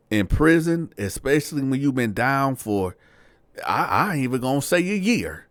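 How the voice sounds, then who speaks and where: Animated man telling a street story. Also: medium pitch, moderate pace, dry recording. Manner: animated, acts out dialogue in voices. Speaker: storyteller host. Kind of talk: casual prison storytelling.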